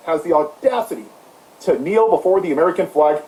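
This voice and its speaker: Male commentator, high-pitched, mocking and heated, in an echoey room. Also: lively intonation, fairly quick, a little mellow. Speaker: political commentator. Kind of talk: impassioned ranting monologue.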